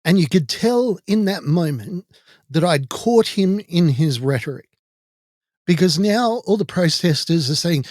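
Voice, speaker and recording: A man's voice: sits high, expressive, measured pace, a little mellow, dry recording. Indignant Irish man, dry close sound. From Ireland. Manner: indignant storytelling. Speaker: podcast host. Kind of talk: personal monologue.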